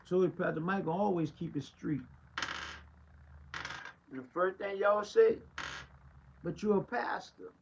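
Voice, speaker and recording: A man's voice: sits high, a little slow, vocal fry, long pauses, highs cut off, a little hiss or hum. A man, a pastor preaching a street-style podcast monologue with emphatic, rhetorical repetition. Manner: emphatic and rhetorical, repeats lines and laughs between points.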